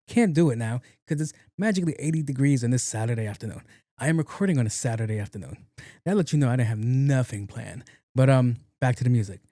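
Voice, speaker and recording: A podcast host chats alone in a home room with the windows open, rambling casually in slangy, profane talk and sometimes breaking into sung snippets. His mid-range voice is dark and fast, and the recording has studio quality with no room sound.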